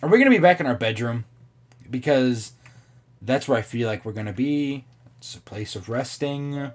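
Lively, rambling man playing a game. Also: mid-range voice, moderate pace, soft background music. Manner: rambling, swears casually, laughs often. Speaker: let's play gamer. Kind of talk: casual gameplay commentary.

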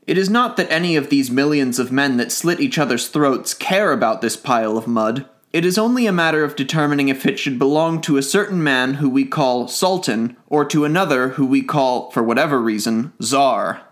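A man's voice: medium pitch, expressive, normal speed, hardly any pauses, a bit bright, close to an everyday voice. A man voicing a frank, bitter earth philosopher in a storybook reading, talking in a sardonic, blunt way. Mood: scornful.

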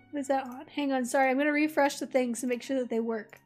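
Bubbly high-voiced woman streamer. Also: steady tone, quick pace, hardly any pauses, soft background music. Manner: bubbly, giggly, chatty, reads game text aloud. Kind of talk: casual let's-play chat with chat.

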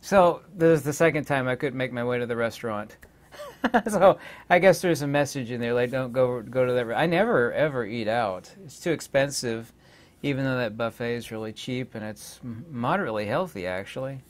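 An indignant man talks straight to his viewers in a loose, rambling monologue. His voice sits at an ordinary middle pitch, and he keeps stalling on fillers before pressing on with his complaint. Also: expressive, brisk. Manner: indignant, hesitant, many filler words. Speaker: channel host.

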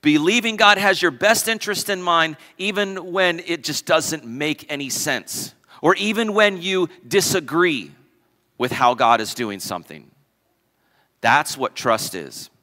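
A man's voice: on the high side, expressive, unhurried, sharp tone, in a large hall. A man preaching a sermon as pastor, emphatic, repeating key phrases and asking the congregation questions. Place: church sanctuary.

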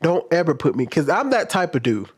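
A man's voice: a little high, sing-song, fairly quick, slightly rough. A man who works as a teacher, giving a casual, blunt commentary and sounding fed up. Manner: blunt, exasperated, mocks others with exaggerated voices.

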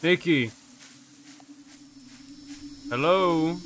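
A man's voice: a little high, moderate pace, a bit bright, slight background noise. A man streaming a game live, swearing and exasperated, who keeps calling out for his teammate. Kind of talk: live gameplay commentary.

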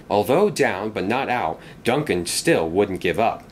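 A man narrating a children's storybook tale in an expressive, animated way. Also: on the low side, unhurried, slight background noise.

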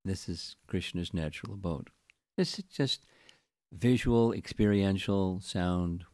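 Low-voiced man giving a halting scripture talk. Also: darkish tone, no room sound, studio quality. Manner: halting, with frequent restarts and repeated words. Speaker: spiritual teacher. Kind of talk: scripture lecture.

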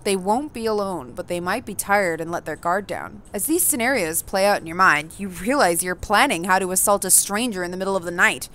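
Expressive woman reading a game aloud. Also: mid-range voice, fairly quick, few pauses. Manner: expressive, reacts with laughter. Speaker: gaming streamer. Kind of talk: reading a visual novel aloud with commentary.

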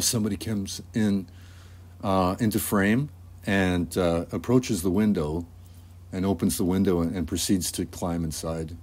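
A man, an animator, casually talking through his storyboard in a relaxed, rambling way with many fillers. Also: low-pitched. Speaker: animator and artist.

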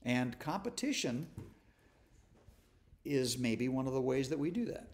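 A pastor leads a Bible study with an informal, folksy sermon, full of self-deprecating humor, often stumbling and restarting. His medium-pitched voice is very animated, delivered at a measured pace.

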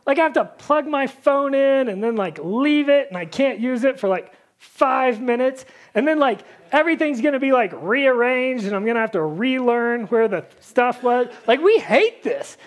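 A woman's voice: high voice, expressive, normal speed, few pauses. A woman preaching a casual, chatty sermon, full of fillers and acted-out Bible characters.

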